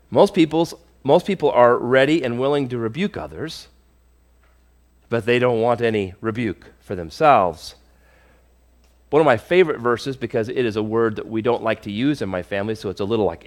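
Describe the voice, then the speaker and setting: A male pastor preaching a conversational, emphatic sermon to his congregation. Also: mid-range voice.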